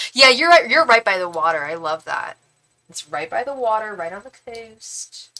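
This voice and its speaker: On a rough recording, a young woman chats excitedly with her livestream viewers while reading tarot cards as a psychic, peppering her talk with "like" and "girl". She sounds sharp and very animated, speaking at a moderate pace in a mid-range voice.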